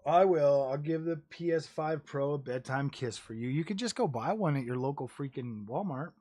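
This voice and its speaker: Male gaming streamer, somewhat high voice, rambling casual chat, slangy, swears. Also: normal speed, warm tone. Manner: rambling, says "dude" and "bro" often, swears casually; jokey, drops into mocking voices.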